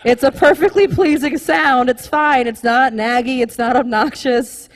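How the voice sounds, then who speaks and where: Animated young woman doing stand-up. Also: sits high, a little slow, long reverb tail. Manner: rambling, filler-heavy, animated storytelling. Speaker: stand-up comedian. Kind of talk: live stand-up set. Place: comedy club stage with live audience.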